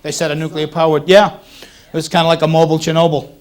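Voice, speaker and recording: A stand-up comedian in his thirties, from the Boston area, delivers a self-mocking, wry routine to a laughing club crowd in a 1980s cable TV taping. His quick voice is on the high side with little pitch movement, over background noise.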